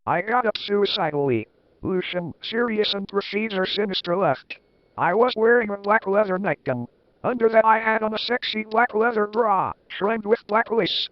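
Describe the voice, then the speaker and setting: A man's voice: sits high, moderate pace, no room sound. A man giving a comic dramatic reading, with wry, sarcastic asides. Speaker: reader. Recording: dull, lo-fi dry recording.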